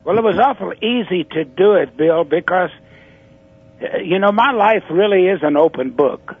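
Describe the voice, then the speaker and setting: An older man speaking as an interview guest in a slow, easygoing way. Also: high-pitched, lively intonation, slightly rough. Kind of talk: phone interview. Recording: muffled phone line.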